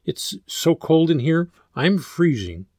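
A flirtatious middle-aged woman speaks in a coy, pitched-up voice, as a male narrator puts her on. She comes across as coquettish in a storybook reading. The sound is dry and close. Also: very animated, slow, darkish tone, no echo, exaggerated voice.

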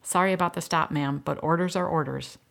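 A man's voice: a little high, steady tone, a little fast, vocal fry, fairly bright tone. A woman reading the lines of a young male deputy, firm and formal. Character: young male deputy, strict about orders.

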